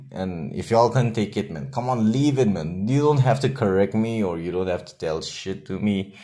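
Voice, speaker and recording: A young man with a Nagaland accent, a native Nagamese speaker, hosting a solo podcast in a blunt, profane, defiant way with long pauses. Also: low-pitched, a little mellow. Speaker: podcast host.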